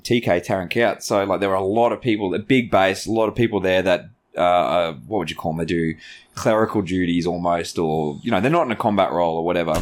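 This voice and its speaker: An Australian man, an army veteran hosting a podcast, telling stories in casual, swearing chat. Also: low-pitched. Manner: animated storyteller who swears casually.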